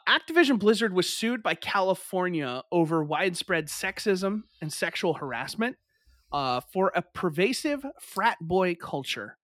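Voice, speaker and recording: An excitable man co-hosting a podcast, telling stories with lots of swearing and laughter. His voice is high and bright. The recording is dry and close. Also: no echo. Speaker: podcast co-host. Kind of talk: casual chat, animated storytelling.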